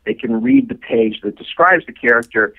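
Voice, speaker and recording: A middle-aged man recounts behind-the-scenes stories as a podcast guest, animated and loose, dropping fillers as he goes. His voice carries a gravelly edge. It comes through a tinny, phone-like line. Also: high voice, moderate pace. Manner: animated anecdote-telling with fillers. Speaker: guest, show co-creator. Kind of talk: podcast interview storytelling.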